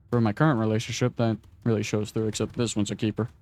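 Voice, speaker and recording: A man's voice: on the low side, level tone, fast, hardly any pauses, darkish tone. A young man casually rambling and swearing while playing a game, self-deprecating and often restarting his sentences. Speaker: gaming vlogger.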